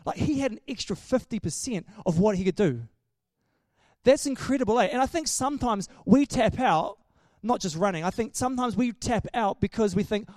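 A man's voice: sits high, expressive, moderate pace, darkish tone, no room sound, clean studio sound. A man preaching a casual sermon in a chatty, joking way, often restarting his sentences.

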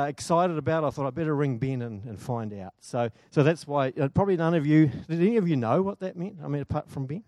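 A man's voice: on the high side, darkish tone, no room sound, studio quality. A man preaching a sermon in a church, chatty and enthusiastic, often asking the congregation questions.

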